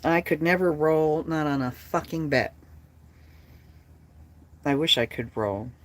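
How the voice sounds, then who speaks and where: Chatting casually with her livestream audience, this woman in her late fifties is blunt and swears freely. She has a low-pitched voice and doesn't hurry.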